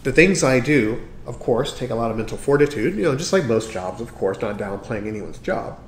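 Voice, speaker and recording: A man's voice: mid-range voice, lively intonation, brisk, a little hiss or hum. A man hosting his own podcast, talking earnestly and encouragingly, sometimes tripping over his words. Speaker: podcast host. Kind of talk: solo podcast talk.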